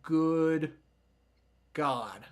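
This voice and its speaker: A man hosting a live football reaction stream, rambling excitedly and talking straight to his chat. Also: fairly high pitch, drawn-out words. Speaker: livestream sports reaction host. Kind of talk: live game reaction commentary.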